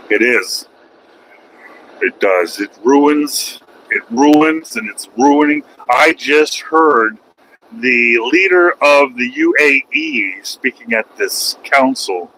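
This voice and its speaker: Trucker, rambling opinionated vlog talk from the cab, bright forceful tone, light road hum behind. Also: male voice, medium pitch, low-quality recording. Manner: opinionated, rambling, wry asides. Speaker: truck driver vlogger. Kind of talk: casual rambling monologue.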